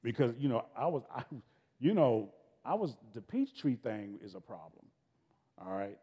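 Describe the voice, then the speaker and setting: A middle-aged man talks to a school audience in a loose, folksy storytelling voice, pitched right in the middle for a man. He keeps stopping and restarting his sentences and drops into casual grammar. His voice carries a long reverb tail from a big hall. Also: moderate pace, breathy edge, highs cut off. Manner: folksy, animated, self-interrupting, casual grammar. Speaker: guest speaker. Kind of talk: storytelling talk to students. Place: school event space.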